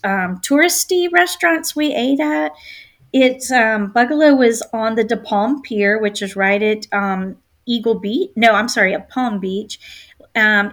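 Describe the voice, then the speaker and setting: Woman travel agent guest: easygoing chatter, mid pitch, lots of ums while hunting for words. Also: fairly bright tone. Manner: chatty, many filler ums, searching for words. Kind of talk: casual chat.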